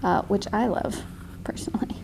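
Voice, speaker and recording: A woman in her thirties talks through a painting lesson in a relaxed, chatty way. Her voice has a gravelly edge. A faint hiss sits under the recording. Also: mid-range voice, a little slow. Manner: chatty, laughs easily. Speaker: painting instructor. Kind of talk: casual tutorial.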